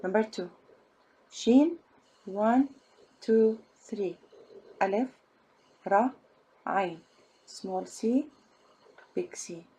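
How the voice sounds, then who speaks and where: Woman, teacher, very slow delivery, husky voice, patient step-by-step. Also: mid-range voice, warm tone. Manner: patient, spells out letters and syllables one by one. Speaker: Arabic teacher. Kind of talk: slow step-by-step language lesson.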